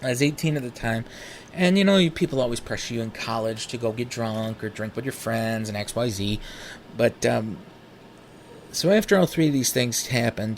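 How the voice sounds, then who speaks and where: A man's voice: mid-range voice, normal speed, slight background noise. A young man telling a personal story in a candid, profane, casual way. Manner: candid, profane, animated retelling. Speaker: podcast host.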